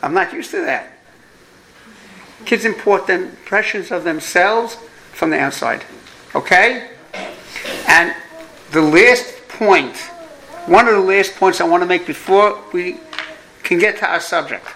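A man's voice: high voice, measured pace, long pauses, bright, forceful tone, a little hiss or hum, low-quality recording. A man from New York with a New York accent, giving a parenting lecture to an audience, emphatic and repeating his key points, with jokey asides.

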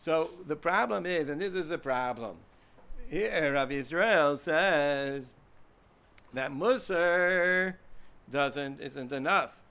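An American man teaches Torah informally to students, rambling, repeating words, and putting questions to the class. His voice is a little high and slow, bright and forceful in tone, and smooth.

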